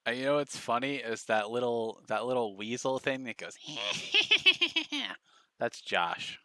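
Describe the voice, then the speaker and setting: A man's voice: medium pitch, normal speed, fairly bright tone, no room sound. A man streaming, giving casual, profane, mocking commentary on clips.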